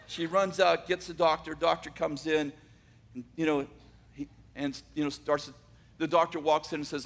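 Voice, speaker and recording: A man telling a dramatic story, swinging from loud bursts to hushed asides. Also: fairly high pitch, little pitch movement, normal speed, creaky.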